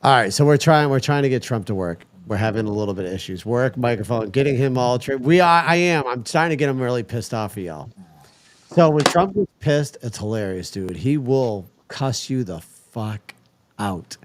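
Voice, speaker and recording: A man's voice: medium pitch, animated, moderate pace, dry recording. A man hosting a casual livestream, talking to his chat while he fixes a setup and swearing now and then in frustration. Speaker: livestream host.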